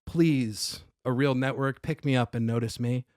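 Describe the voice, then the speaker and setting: A man's voice: mid-range voice, moderate pace, no room sound, studio quality. A man, a guest comedian telling stories in casual podcast chat, acting out quotes and swearing freely. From Staten Island, New York. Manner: animated storyteller who acts out quotes and swears freely.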